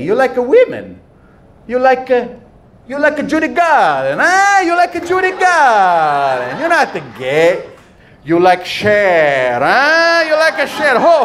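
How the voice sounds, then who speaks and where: A man putting on a loud, blunt older Italian aunt with an Italian accent, in broken English, on stage in a live club. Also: very high voice, huge pitch swings, takes it slowly, voice pushed up, heavily acted. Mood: teasing. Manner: bellowing, broken English, sing-song exclaims. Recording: live club with crowd noise.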